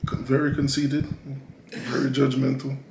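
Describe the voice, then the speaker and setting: A man's voice: mid-range voice, flat delivery, moderate pace, creaky, roomy sound, noisy background. A man with a Jamaican accent, a husband on a family vlog, cutting in with dry, teasing quips during casual chat.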